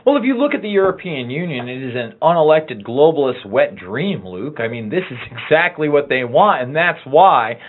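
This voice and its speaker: Heated man with a lively pitch, phone-thin. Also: moderate pace, hardly any pauses. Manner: heated, emphatic. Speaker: co-host. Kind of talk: casual political commentary. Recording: tinny phone-like line.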